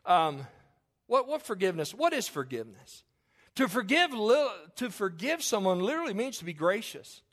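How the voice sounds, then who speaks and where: Man, pastor, mid-life; folksy sermon, jokes and restarts, pitched high. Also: very animated, moderate pace, fairly bright tone. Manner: folksy, joking asides, repeats himself.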